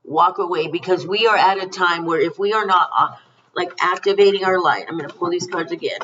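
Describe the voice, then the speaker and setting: A woman's voice: on the low side, fairly quick, fairly bright tone, recorded from a distance, muffled recording, slight background noise. A middle-aged woman giving a spiritual card reading, rambling and emphatic, calling her listeners honey. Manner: rambling, emphatic and affectionate, calls listeners honey and you guys. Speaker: psychic card reader.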